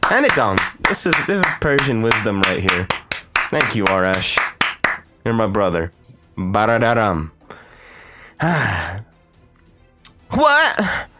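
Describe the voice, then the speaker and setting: A man's voice: on the low side, animated, normal speed, bright, forceful tone. A young man playing a game on stream, joking in crude, playful banter. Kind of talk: let's play commentary. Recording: faint game music behind.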